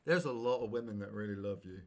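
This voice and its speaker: A man streaming a video game and chatting casually, rambling and breaking into sudden excited shouts at the game. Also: lowish voice, fast. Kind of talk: casual chat while gaming.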